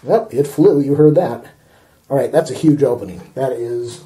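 A man's voice: medium pitch, expressive, measured pace, pauses often, dark tone, roomy sound, a little hiss or hum. A man casually demonstrating a home repair while filming himself, rambling and amused at his own words. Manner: rambling, self-amused, talking while working with hands. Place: indoor bathroom. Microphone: handheld camcorder mic, self-filming.

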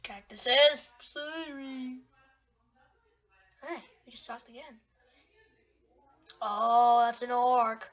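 Woman, gameplay commentator, excitable and rambling, bright tone, dull recording. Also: on the high side, extremely slow, long pauses. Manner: excitable, rambling, talks to self. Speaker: gamer.

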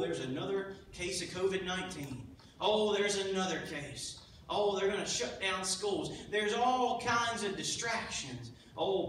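A high, bright male voice delivers a sermon and brings the stories to life with acted-out lines. The sound is very echoey and distant, as if taken from the back of a church, with faint noise underneath. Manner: animated storytelling, acting out voices. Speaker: preacher. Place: church sanctuary. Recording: echoey hall, mic at a distance.

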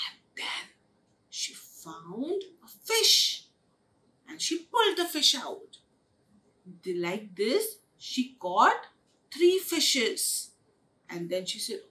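Slow, animated woman telling a kids' story. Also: a little high, distant mic, a little hiss or hum. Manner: expressive, sing-song. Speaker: storyteller at a day care. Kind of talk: reading a children's story. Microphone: online webinar.

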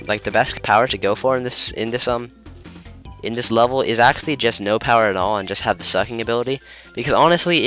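Fairly low in pitch yet bright and forceful, a young man's voice carries gameplay commentary. As a let's player, he talks in a rambling, flustered way, full of filler words and restarts.

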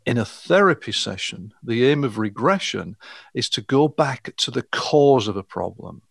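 A man's voice: medium pitch, lively intonation, moderate pace, gravelly, fairly bright tone, breathy edge, no room sound, clean studio sound. A middle-aged man, a hypnotherapist, explaining his work step by step in an interview. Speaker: hypnotherapist guest.

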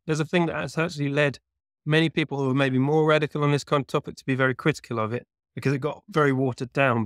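A man's voice: mid-range voice, dry recording, studio quality. A man being interviewed as a researcher, explaining at length in a thoughtful, conversational way with lots of small hedges. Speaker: guest researcher.

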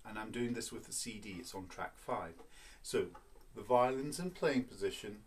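A man's voice: fairly low pitch, lively intonation, moderate pace, a little hiss or hum. A man teaching a children's violin lesson, patient and playful, counting beats and explaining step by step.

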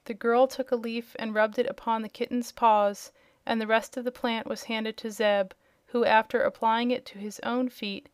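Smooth-voiced woman reading a storybook. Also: fairly high pitch, no room sound. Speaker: audiobook narrator. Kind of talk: storybook narration.

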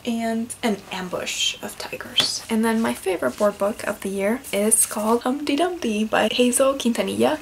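A woman's voice: mid-range voice, a little hiss or hum, poor audio. A young woman, a librarian, casually reviewing picture books and reading bits aloud in a playful storytime voice.

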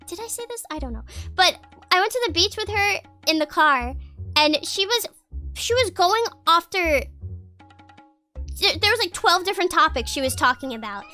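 A woman's voice: extremely high pitch, bright, forceful tone. A woman streamer telling rambling family stories in casual chat, giggling often and restarting sentences.

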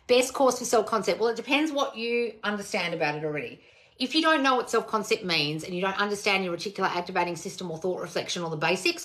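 A woman's voice: on the low side, fairly bright tone. A woman, a manifestation coach answering questions on a live stream, blunt and exasperated, swearing often.

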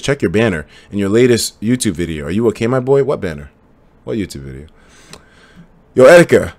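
A man hosting a live stream, chatting casually and reacting loudly to viewer messages, laughing often. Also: mid-range voice. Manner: animated, swings from mumbling to loud disbelief, laughs often. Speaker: livestreamer. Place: home streaming setup.

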